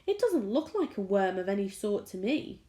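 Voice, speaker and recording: A woman's voice: mid-range voice, big pitch swings, normal speed, warm tone, lightly acted. A woman voicing a curious, polite young boy in a storybook reading, asking eager questions.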